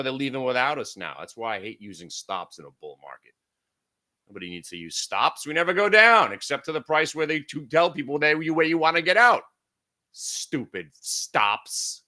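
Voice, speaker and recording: A man's voice: medium pitch, very animated, a little fast, pushed and bright. A middle-aged man hosting a live stock trading room, ranting frantically with lots of swearing. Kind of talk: live market commentary.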